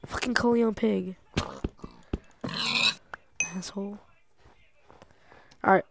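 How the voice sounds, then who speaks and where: A young woman giving casual gameplay commentary, excitable and talking to herself, swearing and laughing often. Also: medium pitch, slow pace, gravelly, very noisy. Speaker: gamer.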